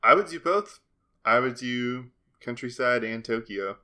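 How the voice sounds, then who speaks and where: A man in casual podcast chat, giggly and quick to react. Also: mid-range voice, pushed and bright.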